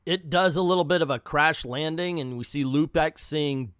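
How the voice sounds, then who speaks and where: A man's voice: on the high side, moderate pace, a bit bright, clean tone, dry recording, clean studio sound. A man hosting a comic book video, who recaps the story in an offhand, conversational way with filler words.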